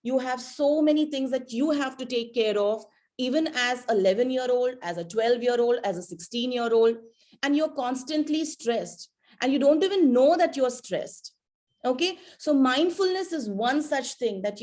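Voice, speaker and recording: A woman's voice: fairly high pitch, a little mellow. A woman giving a keynote talk to teenagers, conversational, often asking the audience questions and using fillers like "you know". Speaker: keynote speaker.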